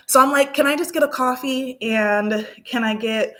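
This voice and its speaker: A woman vlogger telling a story casually, acting out the dialogue with lively energy. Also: on the high side, moderate pace, few pauses. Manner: animated, acts out dialogue.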